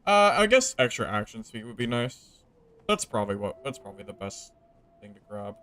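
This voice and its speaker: A young man streaming his game, talking casually to his viewers in a clear, smooth voice of middling pitch. He bursts out loudly when something goes well, then drops into low, muttered grumbling about his losses. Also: normal speed. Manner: swings from excited yelling to mumbled, deflated grumbling. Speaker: gaming streamer. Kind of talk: casual gameplay commentary.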